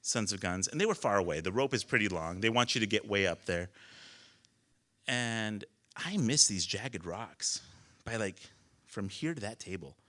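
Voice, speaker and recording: A man telling a personal story on a small live stage, animated, laughing often and swearing casually. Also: fairly low pitch, normal speed.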